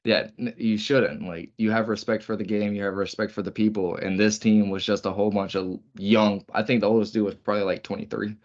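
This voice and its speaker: Low-voiced man, profane storyteller. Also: steady tone, fairly quick, hardly any pauses, highs cut off. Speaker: podcast co-host. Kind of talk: casual chat.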